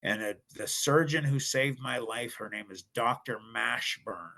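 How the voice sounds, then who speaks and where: Gravelly middle-aged man, earnest. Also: mid-range voice, measured pace, pushed and bright. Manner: earnest, emphatic. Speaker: guest. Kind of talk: personal storytelling.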